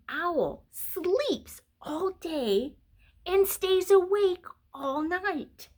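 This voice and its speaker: A woman reading a children's picture book aloud, animated, with gasps, whispers and playful animal sounds. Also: very high-pitched, drawn-out words.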